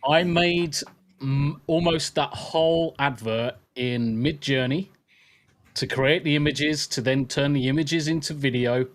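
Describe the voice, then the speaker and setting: A man's voice: fairly high pitch, unhurried. A man hosting a casual podcast, full of swearing and laughing banter. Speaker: podcast host.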